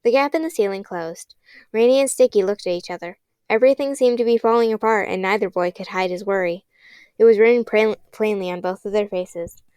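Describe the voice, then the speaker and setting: A woman narrating a children's novel as an audiobook, reading in a steady, expressive way. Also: mid-range voice, a little fast, clean tone, dry recording. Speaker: audiobook reader.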